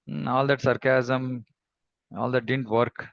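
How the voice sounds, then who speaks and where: A man giving a devotional scripture class in a reflective, measured way, pausing often and humming between thoughts. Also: medium pitch, little pitch movement, vocal fry, dry recording, lo-fi sound. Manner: reflective, measured, with pauses and hums. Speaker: scripture teacher.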